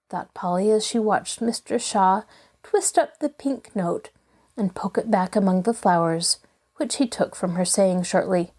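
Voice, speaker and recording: Woman, audiobook narrator, mellow dark tone, measured, expressive. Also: medium pitch. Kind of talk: scripted narration.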